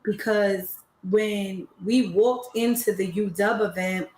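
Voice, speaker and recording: Woman talking easygoing over an echoey call. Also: mid-range voice. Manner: relaxed, unhurried, with many restarts and fillers. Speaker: guest battle rapper. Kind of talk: casual interview. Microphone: video call.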